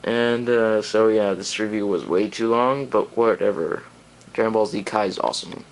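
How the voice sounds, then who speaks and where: A man's voice: on the low side, moderate pace, low-quality recording. A man giving a casual video review, rambling and enthusiastic, with lots of fillers and restarts. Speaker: anime reviewer.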